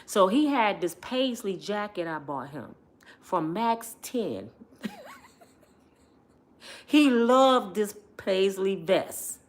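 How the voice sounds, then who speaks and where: A woman's voice: mid-range voice, takes it slowly, pauses often. Chatty middle-aged woman telling stories. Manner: lively, chatty, laughs often, speaks straight to her viewers. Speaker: vlogger telling family stories. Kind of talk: casual storytelling vlog.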